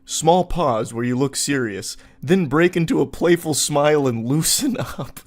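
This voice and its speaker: A man's voice: fairly high pitch, expressive, measured pace. A man hosting a comedic commentary video, reading forum posts aloud and riffing on them in a sarcastic, incredulous way with plenty of filler words.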